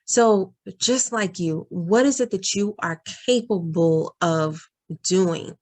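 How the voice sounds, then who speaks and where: A woman's voice: fairly low pitch, slow pace, a little mellow. A woman coach talking straight to her viewers in an encouraging, earnest vlog, giving advice to working moms and calling them "y'all". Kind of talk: direct-to-camera advice vlog.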